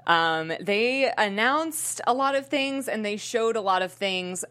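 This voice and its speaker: A woman's voice: mid-range voice, animated, measured pace, a bit bright. A young adult woman hosting a casual entertainment news chat, talking chattily with lots of giggles and fillers. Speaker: show host.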